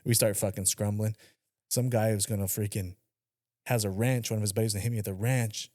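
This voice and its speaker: A man's voice: on the low side, a little fast, no echo, studio quality. A man co-hosting a podcast, telling stories in a casual, profane chat and acting out the quotes. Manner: animated storyteller, acts out quotes, swears freely. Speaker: podcast co-host.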